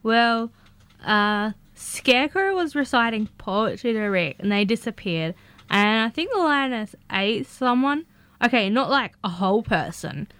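A woman's voice: fairly high pitch, animated, measured pace, clear, resonant tone, dry recording. A woman playing a brash, boozy friend. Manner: pushy, flirty, loud. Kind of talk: comedy audio drama.

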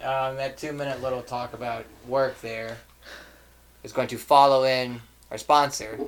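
A man's voice: medium pitch, fairly even intonation, a little hiss or hum. Joking young man hosting a podcast. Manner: joking, laughs easily, rushed asides. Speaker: podcast host. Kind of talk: casual banter among friends.

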